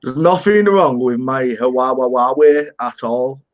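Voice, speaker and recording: Lively man hosting a livestream. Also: mid-range voice, measured pace, crowd noise. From England. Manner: laughs often, teasing. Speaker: co-host of a vaping livestream. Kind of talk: casual banter, swearing.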